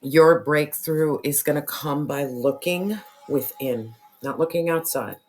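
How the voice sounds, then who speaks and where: A tarot reader losing their voice, who keeps clearing their throat and talks earnestly and repetitively straight to the viewer. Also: medium pitch, a little slow. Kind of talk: casual spiritual tarot reading to camera.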